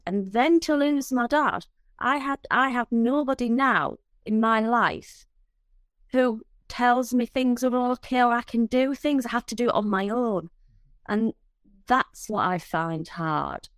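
A woman in a coaching session, speaking about her worries in a halting, emotional, self-doubting way. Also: on the high side, dry recording. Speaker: coaching client. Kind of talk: personal talk in a coaching session.

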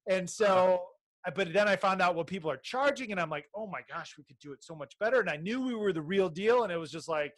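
A man's voice: high voice, animated, fast talker, fairly bright tone. Rambling middle-aged man telling stories. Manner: rambling, many restarts and "like" fillers. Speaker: podcast guest, baby sleep business owner. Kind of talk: casual storytelling chat.

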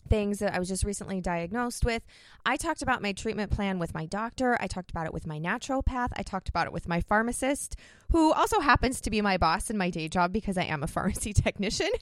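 Friendly woman podcaster, mid-pitched, casual and upbeat, dry close sound. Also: no room sound. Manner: chatty and upbeat, laughs often. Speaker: podcast host.

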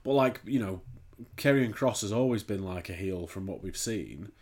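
A man's voice: lowish voice, lively intonation, normal speed, darkish tone. A man co-hosting a podcast, rambling and swearing in casual chat. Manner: sweary, rambling, laughs easily. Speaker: podcast co-host.

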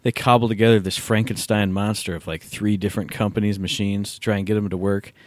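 A man's voice: on the low side, fairly even intonation, fast, dry recording. A man hosting a podcast in laid-back, joking banter with his co-host. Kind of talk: casual chat.

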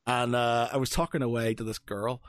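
A man's voice: medium pitch, fairly quick, no echo, studio quality. A man from Northern Ireland with a Northern Irish accent, co-hosting a podcast and rambling through stories full of fillers. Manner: rambling, animated storyteller with frequent fillers. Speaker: podcast co-host. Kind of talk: casual chat.

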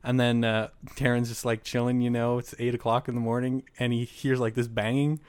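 A man's voice: mid-range voice, level tone, a little fast, clean tone, dry recording. A man in casual chat, teasing his co-host and retelling a listener's story.

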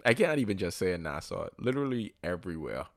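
A man's voice: low voice, sing-song, quick pace, vocal fry. A man co-hosting a casual podcast, riffing with strong opinions and sports comparisons. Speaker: podcast co-host. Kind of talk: casual chat.

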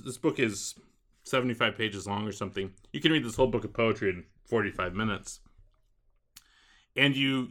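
A man with a bright, forceful edge to his voice, chatting about poetry. He thinks aloud, hesitating and restarting as he works out his view. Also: medium pitch. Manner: thoughtful, hesitant with frequent "um". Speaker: book discussion co-host. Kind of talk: casual chat.

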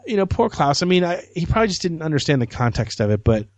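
A man's voice: a little high, sing-song, fast, no room sound. A man hosting a podcast, telling a long anecdote in a rambling way with many restarts. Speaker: podcast host. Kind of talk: casual chat, anecdote.

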